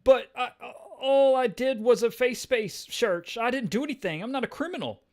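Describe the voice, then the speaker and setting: A man's voice: very high voice, normal speed, darkish tone, pitched above the performer's own voice. A man voicing a nervous, whiny young man on a date, pleading and panicky. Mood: panicked.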